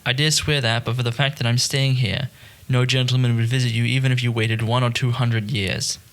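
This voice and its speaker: A man voicing a proud, sharp-tongued young male scholar in an audiobook, speaking in a cutting, haughty way. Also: medium pitch, flat delivery, fairly quick, natural voice. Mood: scornful. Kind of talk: audiobook character reading.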